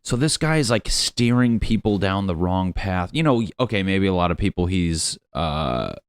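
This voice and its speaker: A man's voice: sits low, very animated, normal speed, clear, resonant tone, no room sound. A young man hosting a solo comedy podcast from his apartment, rambling and profane, slipping into silly quote voices. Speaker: podcast host. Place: his apartment on a lunch break.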